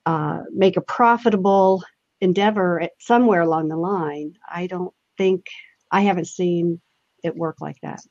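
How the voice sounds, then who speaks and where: A woman's voice: lowish voice, moderate pace, a little mellow, no echo. Woman panel guest, storytelling, dry lo-fi call audio. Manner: storytelling, laughs along. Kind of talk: casual web panel chat.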